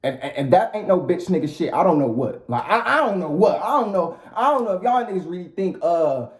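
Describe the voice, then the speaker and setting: A man's voice: high-pitched, expressive, brisk. Profane, blunt man ranting in an echoey room. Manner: blunt, profane, repetitive street talk. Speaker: vlogger. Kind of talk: casual rant to the camera. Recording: roomy echo.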